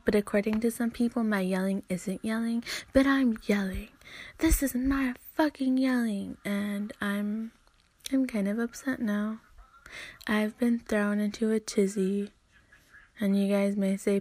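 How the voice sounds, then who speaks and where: A woman's voice: medium pitch, a little mellow, dry recording. Profane young woman ranting into a dry mic. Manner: venting, profane, rambling. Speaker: podcaster. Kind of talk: solo podcast rant.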